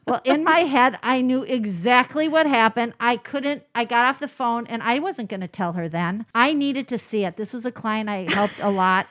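A middle-aged woman from the Minneapolis area, a wardrobe consultant co-hosting a casual podcast, telling stories in a blunt, animated way and laughing. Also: a little high, moderate pace. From Minneapolis area, United States. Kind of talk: casual storytelling chat.

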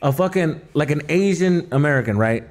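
A man's voice: fairly high pitch, lively intonation. A man, a stand-up comedian, chatting as a podcast guest in a loose, profane, slangy way. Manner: fast, profane, slangy storytelling. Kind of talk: casual podcast chat.

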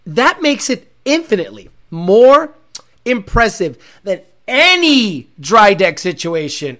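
A man hosting a casual livestream, profane and loud, congested and short of breath. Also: sits high, sing-song, slow pace. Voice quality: profane, loud and brash, shouts sponsor names. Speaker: car-scene livestream host.

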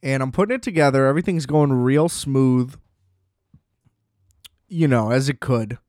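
A man's voice: mid-range voice, normal speed, a little mellow, no echo, clean studio sound. A young man chatting casually on his own, rambling, swearing freely and laughing often. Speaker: solo vlogger. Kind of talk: casual chat.

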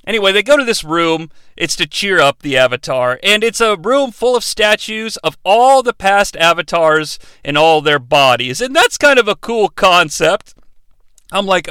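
Bright-voiced, ranting male podcast host. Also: fairly high pitch, animated, moderate pace, clean tone, no room sound. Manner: profane, ranting, sarcastic. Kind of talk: comedic bad-movie review.

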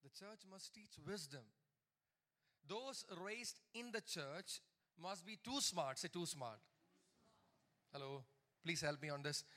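A high, bright male preacher delivers a sermon. He reads scripture aloud, then breaks off to comment. He drives his points home with repeated lines and calls for the congregation to answer back. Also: animated, slow pace, pauses often. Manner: preaching with repeated emphatic lines and call-and-response. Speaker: pastor.

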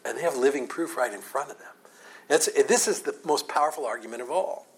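Brisk and medium-pitched, this man teaches a Bible chapter verse by verse in an easy, conversational way. He gets animated, putting on sarcastic voices for the speakers and laughing as he goes.

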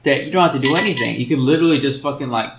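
A man's voice: medium pitch, very fast, background noise. A young man chatting casually, laid-back and joking, with frequent swearing. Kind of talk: casual chat. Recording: roomy echo.

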